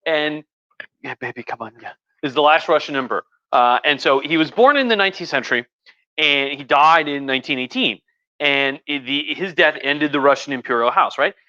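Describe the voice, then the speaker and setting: A man's voice: on the high side, fairly quick, pushed and bright, no room sound, dull audio. A tipsy man, a history professor, rambling casually and profanely about history on a livestream. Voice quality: profane, rambling, lots of fillers. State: tipsy from wine.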